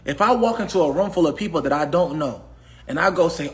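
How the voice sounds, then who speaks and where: Brief: high-pitched man, AAVE, preachy livestream motivational speaker, repeats himself. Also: expressive, fast talker, fairly bright tone. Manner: preachy, repetitive, asks the audience questions. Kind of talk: casual motivational talk.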